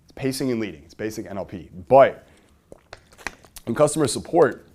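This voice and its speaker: Energetic man teaching a live room. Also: mid-range voice, normal speed, pauses often. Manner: energetic, asks the audience questions. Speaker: speaker teaching a workshop. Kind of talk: live seminar talk to an audience.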